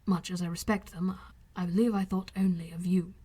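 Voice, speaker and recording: A proud young gentleman, read by a woman in an audiobook. His delivery is grave, unhurried and earnest, full of quiet remorse. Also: on the low side, level tone, slightly rough. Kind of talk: audiobook character reading.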